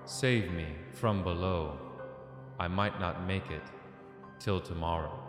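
A ghostly man's voice, low and quiet, begging for rescue, put on by a male narrator. The words come slow and faint, as if from far away. Faint music plays underneath. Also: reverberant, long reverb tail. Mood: pleading. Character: desperate ghost of a man pleading for rescue.

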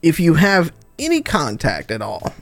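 A man voicing a hard-drinking, scheming grown man in a tabletop game, speaking bluntly and in a low mutter. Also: wildly swooping pitch, moderate pace, gravelly, faint music behind, heavily acted. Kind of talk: tabletop role-play character voice.

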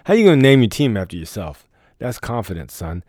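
A man with a lowish voice, rambling through a casual league recap from his bedroom. His talk is crude and teasing, full of swearing and trash talk. The sound is dry and close, with no room echo. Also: very animated, brisk, a little mellow. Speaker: fantasy football league commissioner.

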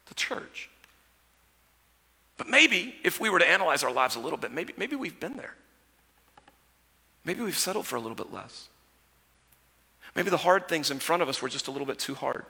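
Guy preaching a sermon, gravelly husky voice, really bright tone, big church reverb. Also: on the high side. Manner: conversational preaching, swinging from loud storytelling to hushed intimacy. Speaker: pastor. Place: church sanctuary. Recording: church sanctuary with long reverb.

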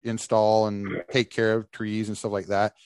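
A man hosting a casual podcast, telling a story with lively acted-out quotes. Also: fairly low pitch, moderate pace, smooth, no room sound, studio quality. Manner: animated storyteller acting out quotes. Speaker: podcast host.

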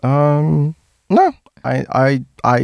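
Gravelly, lively young man chatting. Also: a little high, very slow, dry recording. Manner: laughing often, swearing, animated impressions. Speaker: podcast co-host. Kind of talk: casual chat.

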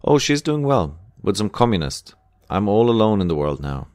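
A disillusioned young woman read by a man speaks wearily in a raised, soft voice. The narrator keeps her low-key and bitter rather than dramatic. It is a storybook reading. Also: big pitch swings, normal speed, no echo, studio quality. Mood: despairing.

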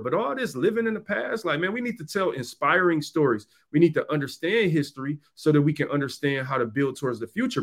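A man's voice: a little high, a bit bright. A man hosting a podcast, talking straight to listeners in an emphatic, slangy monologue and repeating points for stress. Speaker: podcast host. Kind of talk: conversational monologue.

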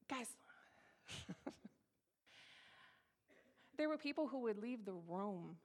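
A woman in her thirties from Colorado, giving a candid, emphatic personal testimony to an audience and repeating her key phrases. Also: on the high side. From Colorado, USA. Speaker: speaker sharing her testimony.

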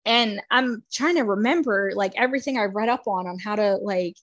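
A woman guest telling a personal story in a casual, chatty way, filled with "like" and frequent laughter, moving between excitement and hushed emotion. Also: medium pitch, normal speed, no echo, lo-fi sound. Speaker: podcast guest.

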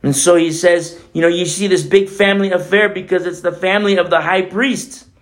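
A man's voice: sits high, steady tone, fairly quick. A man preaching a casual, conversational sermon as pastor, often dropping in "you know" and acting out the voices in scripture.

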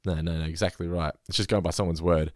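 Fast-talking podcast host, low and lively. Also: male voice, no room sound, clean studio sound. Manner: chatty, laughing often, quick recaps. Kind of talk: casual podcast chat recapping an episode.

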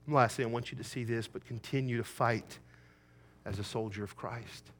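A middle-aged male pastor preaching a sermon, swelling to loud emphatic peaks and telling a folksy story about his son. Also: mid-range voice, steady tone, normal speed, slight background noise.

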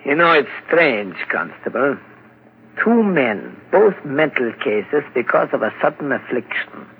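Measured doctor, slow deliberate pace, muffled old radio sound. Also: male voice, medium pitch, sing-song, a little hiss or hum. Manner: deliberate, explanatory. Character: measured male asylum doctor. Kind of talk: 1940s radio acting.

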